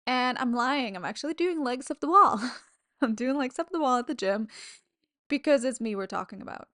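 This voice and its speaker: A woman's voice: high-pitched, animated, moderate pace, fairly bright tone, no echo. Candid, chatty woman podcaster, dry close sound. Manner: candid and chatty, swears freely, laughs between thoughts. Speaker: podcast host. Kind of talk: casual solo podcast monologue.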